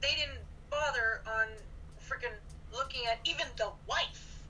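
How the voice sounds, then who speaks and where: Blunt, bright-voiced woman with faint hiss. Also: high voice, a little slow, low-quality recording. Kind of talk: casual political chat.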